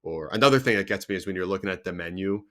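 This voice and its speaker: Low-voiced man hosting emphatically. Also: rapid-fire, pushed and bright. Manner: emphatic, argues by repeating questions. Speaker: podcast host. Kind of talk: casual interview chat.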